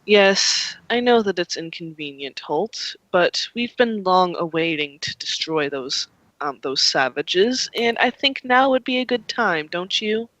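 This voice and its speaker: A man's voice: sits high, lively intonation, unhurried, bright, forceful tone, no echo, muffled recording, full character voice. A game master voicing a cold, scheming male director who orders an island destroyed, contemptuous and clipped. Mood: ruthless.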